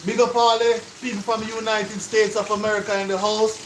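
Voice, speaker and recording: A man's voice: high voice, level tone, brisk, noisy background. A man with a Jamaican accent co-hosting a cooking live stream, chatting to viewers and explaining things in patois. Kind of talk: casual live-stream chat.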